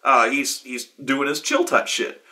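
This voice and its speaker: A man hosting a show, telling a long, animated, profane story with lots of restarts. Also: medium pitch, unhurried. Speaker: show host. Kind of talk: casual storytelling.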